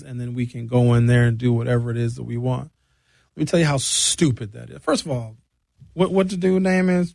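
An American man delivering a sarcastic, animated comedic rant with a mocking edge. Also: medium pitch, no room sound, poor audio. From United States.

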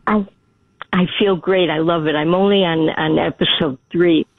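A woman phoning in to a radio show, friendly and quick to react. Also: on the low side, steady tone, no room sound. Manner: friendly, chiming in with small reactions. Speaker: caller. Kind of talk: call-in radio chat. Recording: tinny phone line.

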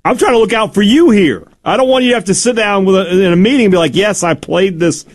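A man's voice: high voice, fast, husky. A man co-hosting a sports talk radio show, bantering casually and emphatically, often laughing.

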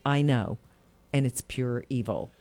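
A woman's voice: rumbling low, measured pace, a little mellow. A woman co-hosting a casual political talk show, indignant and emphatic, laughing often. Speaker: co-host.

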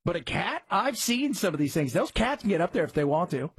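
A male talk radio host with a somewhat high, husky voice, recorded dry and close in the studio. He talks in a loose, rambling way, jumping up in pitch to stress a point. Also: big pitch swings, a little fast, no echo. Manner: conversational, rambling, jumps up in pitch for emphasis. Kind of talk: casual talk radio commentary. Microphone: studio mic.

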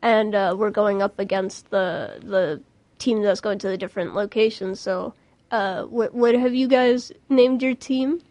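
A woman's voice: mid-range voice, measured pace, darkish tone, no echo. A young woman co-hosting a casual podcast chat, rambling with many restarts and frequent giggles. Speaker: podcast co-host, mock trial team member.

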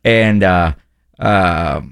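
A man's voice: deep voice, vocal fry, clean tone, dry recording, studio quality. A man co-hosting a sports radio show, chatting casually in a rambling way. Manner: rambling, chatty, quick asides.

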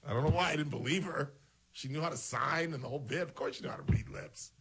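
A man's voice: on the high side, quick pace, fairly bright tone, slightly rough. A man hosting a show, telling rambling personal stories in casual chat and acting out the dialogue. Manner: rambling, digressive, acts out quoted dialogue. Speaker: radio-style show host.

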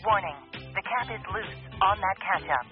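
A performer voicing a warning app in a radio ad, giving clipped commands over loud music. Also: medium pitch, moderate pace, dull audio, lightly acted. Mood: alerting.

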